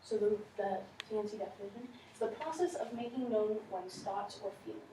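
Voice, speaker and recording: A woman with a medium-pitched, mellow voice speaks briskly as she teaches a class of children, asking them questions and reading aloud. The recording is distant and echoey, with faint noise.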